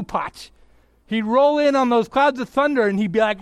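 A middle-aged man preaching with a high, bright voice, recorded dry and close with no room sound. He gets excited and loud, then sinks back to a hushed, earnest tone. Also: moderate pace, smooth, no echo. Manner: excitable, bursts into yelling then drops to quiet. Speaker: pastor. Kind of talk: sermon.

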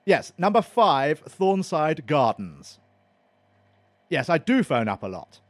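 A man's voice: on the high side, very animated, slow, no echo. A man playing a prim, put-upon man who mutters to himself and turns sarcastic, in a comedy audio drama. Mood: fussy.

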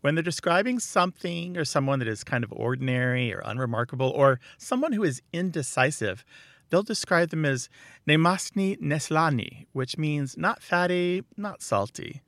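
Casting note: man, playful co-host, bright forceful tone, higher voice. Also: animated, normal speed, no echo, clean studio sound. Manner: playful, laughs often. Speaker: co-host of a word show. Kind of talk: casual radio chat.

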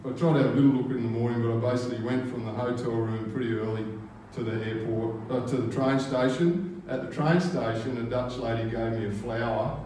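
A man's voice: mid-range voice, fairly even intonation, a little fast, few pauses, dark tone, slight background noise. An Australian man telling a true story on stage at a live event, rambling and casual and swearing freely. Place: live arts venue stage. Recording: roomy live hall from a distance.

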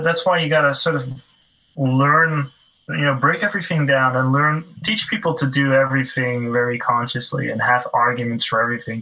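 Bright-voiced man explaining casually. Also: mid-range voice, low-quality recording. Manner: loose, filler-heavy explaining. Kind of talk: casual podcast discussion.

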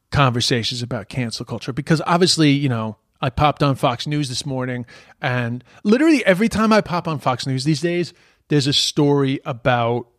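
A man telling a story in a casual podcast monologue, sweary and animated. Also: mid-range voice, no room sound, studio quality. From Ireland.

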